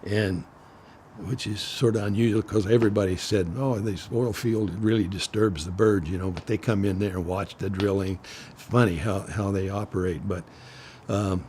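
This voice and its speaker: An older man from Oklahoma, a retired forest supervisor, tells stories in an oral history interview, rambling with restarts and clearing his throat. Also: on the low side, a little mellow, a little hiss or hum.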